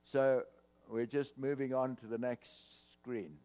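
Male pastor preaching slow n deliberate, bit of hum in the background. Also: mid-range voice. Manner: expressive preaching, rising loud on scripture quotes. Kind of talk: sermon. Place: church hall, cold morning. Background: mains hum.

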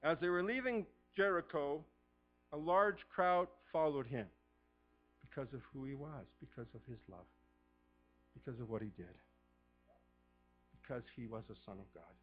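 A middle-aged man preaching a sermon as pastor, fervent, swinging from a hushed voice to shouting. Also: a little high, normal speed, pauses often, lo-fi sound, soft background music.

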